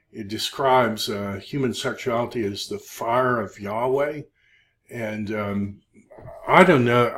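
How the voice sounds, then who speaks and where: A man teaching a recorded Hebrew lesson, speaking haltingly with many fillers and drilling word forms. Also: lowish voice. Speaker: Hebrew instructor. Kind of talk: recorded lecture.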